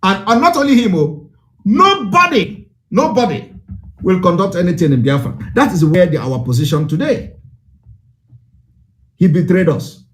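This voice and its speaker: Nigerian guy ranting on a broadcast, high voice that swings all over, repeats himself a lot. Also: lively intonation, moderate pace, long pauses. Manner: fiery, repetitive, declamatory. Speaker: political broadcaster. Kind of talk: impassioned broadcast address.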